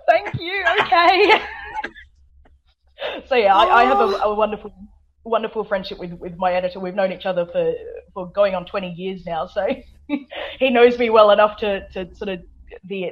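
A woman's voice: medium pitch, lo-fi sound, very noisy. An Australian woman from South Australia, a guest author chatting in a radio interview, full of fillers, restarts and laughter.

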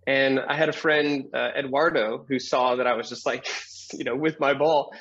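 Husky man telling a story. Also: mid-range voice, moderate pace, lo-fi sound. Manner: animated storyteller, acts out quoted voices, laughs often. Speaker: guest. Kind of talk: storytelling interview answer.

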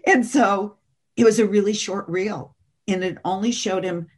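A middle-aged woman, a guest on an interview show, telling an animated, dramatic story and often laughing. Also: medium pitch, unhurried, slightly rough. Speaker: guest, author and seminar teacher.

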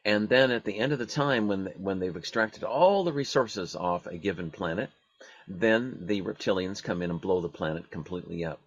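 A man with a lowish, husky voice hosts a radio talk show, speaking expressively but haltingly, with frequent fillers and restarts. The recording sounds dull and dry.

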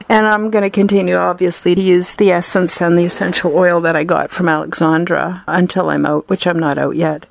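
A woman's voice: on the low side, level tone, a little fast, creaky. A woman from Canada, giving an earnest, effusive personal testimonial.

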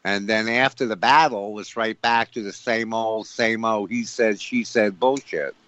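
A man's voice: fairly low pitch, steady tone, measured pace, a bit bright, no room sound. A man on a radio show talking about faith emphatically, repeating himself and asking rhetorical questions. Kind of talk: preachy spiritual talk. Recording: dull lo-fi radio sound.

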